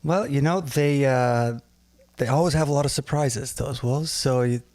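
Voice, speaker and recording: A man's voice: mid-range voice, moderate pace, a little mellow, no room sound. A man chatting casually as co-host, laid-back with short replies and rambling thoughts. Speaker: co-host, arena sound technician. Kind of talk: casual chat.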